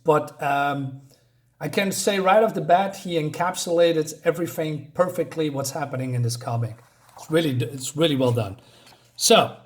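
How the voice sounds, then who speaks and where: A man reading a comic book aloud and reviewing it in a casual, rambling way. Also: on the high side. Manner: rambling, with frequent ums and restarts.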